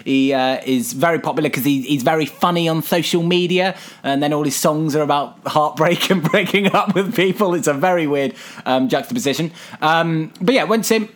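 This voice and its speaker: A young man co-hosting a podcast, chatting casually with quick jokey asides and frequent laughter. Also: on the high side. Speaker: podcast co-host. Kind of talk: casual comedic chat.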